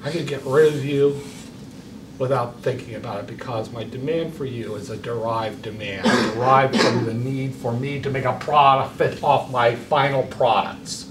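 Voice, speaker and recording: A man's voice: medium pitch, normal speed, a crowd in the background. A man giving a university economics lecture, speaking with impassioned, rhetorical force and addressing his students directly. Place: lecture classroom. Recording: echoey classroom from a distance.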